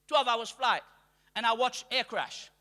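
A man from Mauritius preaching a sermon to a congregation, calling for responses and rising to shouts. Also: extremely high pitch, measured pace. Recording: long hall reverb.

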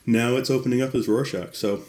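A man's voice: medium pitch, fairly even intonation, a little fast, darkish tone, echoey room. A man chatting casually as a podcast guest, laid-back and trailing off. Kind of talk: casual chat.

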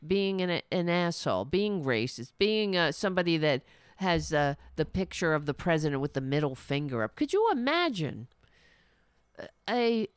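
A woman's voice: on the low side, dry recording, clean studio sound. A middle-aged woman hosting a show, giving indignant, sarcastic political commentary. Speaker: host.

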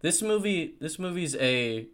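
Excitable man chatting about movies. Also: fairly high pitch, unhurried. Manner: excitable, laughs into lines. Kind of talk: casual film chat.

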